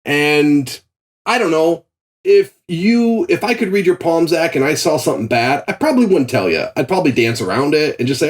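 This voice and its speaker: A man's voice: on the high side, normal speed. A man, a comedian guest, telling stories in casual podcast chat and laughing often. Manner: animated storytelling, laughs often.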